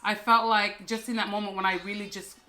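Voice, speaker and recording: A young woman telling a candid personal story as a podcast co-host, soft and halting with many fillers and restarts. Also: medium pitch, little pitch movement.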